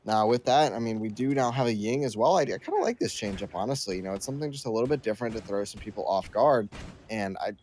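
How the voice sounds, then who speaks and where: A man casting a live esports match, talking quickly through play-by-play and analysis in a chatty, easygoing way. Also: lowish voice, expressive, darkish tone, a little hiss or hum. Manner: talkative, quick asides, apologetic host patter. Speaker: esports caster.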